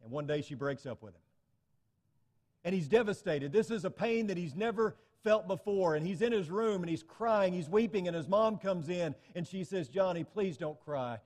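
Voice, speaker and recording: A man's voice: high voice, expressive, moderate pace, darkish tone, big-room sound. A man preaching a sermon to his congregation, earnest and telling stories to illustrate his points. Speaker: pastor.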